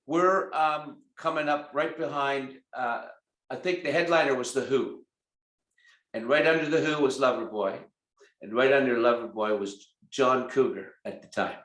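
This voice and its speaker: Rock singer in his 60s, casual interview guest, animated storyteller who does voices, mid-range voice, echoey room. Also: medium pitch. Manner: animated anecdotes, acts out quoted voices. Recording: roomy echo.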